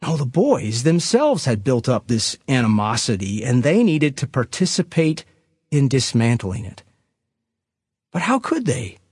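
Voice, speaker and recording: A man preaching a sermon, telling a story with an animated storyteller's delivery that swells at dramatic moments. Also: mid-range voice, measured pace, husky, no echo, studio quality.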